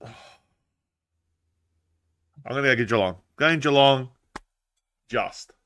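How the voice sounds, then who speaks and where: A man's voice: mid-range voice, slow, fairly bright tone. An Australian man hosting a footy podcast, upbeat and steering the segments in casual chat. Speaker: podcast host.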